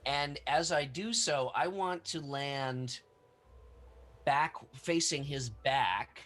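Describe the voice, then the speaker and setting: A man's voice: mid-range voice, slow pace, fairly bright tone, low-quality recording. A man playing a tabletop role-playing game, eagerly describing his character's moves in detail. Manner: eager, descriptive, occasional laughs. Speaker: player.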